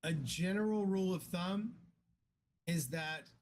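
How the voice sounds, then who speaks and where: A man with a high voice teaches poker in loose, casual talk. He is blunt and swears freely, and he gets animated as he makes his points. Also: a little slow. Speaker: poker coach.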